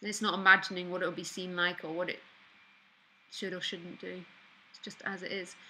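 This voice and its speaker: A woman's voice: lowish voice, flat delivery, moderate pace, bright, forceful tone, slight background noise, poor audio. A woman leading a spiritual call-in talk, playful and direct, laughing often. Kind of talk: casual spiritual dialogue.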